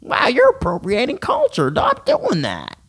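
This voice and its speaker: A man's voice: wildly swooping pitch, normal speed, creaky, fairly bright tone, husky, full character voice. A man putting on the voice of a preachy, self-righteous college student to mock them on a podcast. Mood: scolding. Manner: shrill, preachy, scolding.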